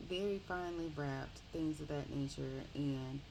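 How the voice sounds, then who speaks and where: A woman casually retelling a book's plot in a rambling, animated way, often correcting herself. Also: deep voice, normal speed, gravelly, noisy background. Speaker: book reviewer. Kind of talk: casual book review.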